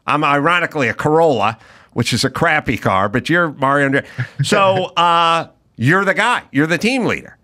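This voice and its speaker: A man's voice: fairly high pitch, moderate pace. A middle-aged man hosting a podcast, telling a story in casual chat and acting out the people in it. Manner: animated storyteller, acts out quoted people. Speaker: podcast host.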